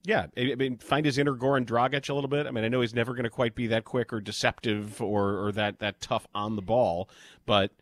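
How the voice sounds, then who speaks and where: A man's voice: medium pitch, steady tone, fairly quick, fairly bright tone, no room sound. A man hosting sports talk radio in a studio, bluntly ranting with exasperation. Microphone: studio mic.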